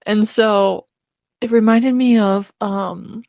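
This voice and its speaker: A woman's voice: mid-range voice, fairly even intonation, slow pace, creaky, a little mellow, no echo. A young woman co-hosting a podcast in casual chat, giggly and laughing often as she talks. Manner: giggly, laughs often through her talk. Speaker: podcast co-host.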